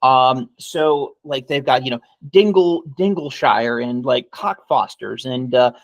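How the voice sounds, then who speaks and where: A man's voice: medium pitch, measured pace, no echo. A man co-hosting a podcast, telling a long, rambling story full of swearing and asides like "okay?". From United States. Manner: rambling, swears freely, keeps adding "okay?". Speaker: podcast co-host. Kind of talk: casual storytelling chat.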